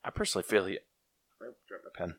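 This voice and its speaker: Low-voiced man chatting on a podcast. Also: fast talker, fairly bright tone, slightly rough, no room sound, clean studio sound. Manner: laughs often, blunt opinions. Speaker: podcast co-host. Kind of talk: casual movie review chat.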